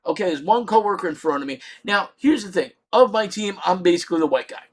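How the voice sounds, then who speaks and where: A middle-aged man telling a comedic story with lots of swearing, shouting out his punchlines. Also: high-pitched, expressive, quick pace.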